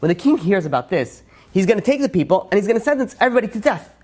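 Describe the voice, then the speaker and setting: A rabbi races through a religious class at very high speed, his high, darkish voice swinging widely in pitch. He teaches emphatically, asking rhetorical questions and restarting frequently.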